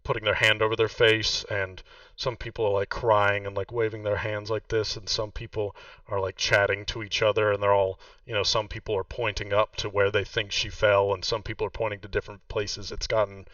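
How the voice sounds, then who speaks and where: Low-voiced male game master, casual and rambling, on a distant muffled mic. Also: flat delivery, a little fast, few pauses, a bit bright, dry recording. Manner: casual, filler-heavy, laughing. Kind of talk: narrating a tabletop game.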